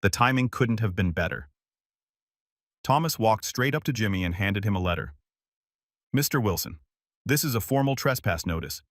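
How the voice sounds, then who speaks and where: A man giving a steady, measured first-person narration of a scripted story. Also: fairly low pitch, no echo, clean studio sound.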